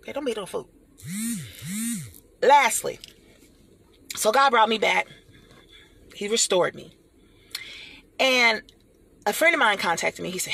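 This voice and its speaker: A middle-aged woman giving an animated motivational talk, speaking like a preacher and calling her listeners honey and y'all. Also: medium pitch, moderate pace, creaky, long pauses, a little hiss or hum.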